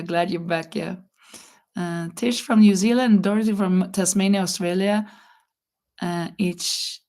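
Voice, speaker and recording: A woman with a Norwegian accent chatting casually on a live stream, laughing often and reading out viewer comments. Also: medium pitch. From Norway. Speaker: crochet channel host.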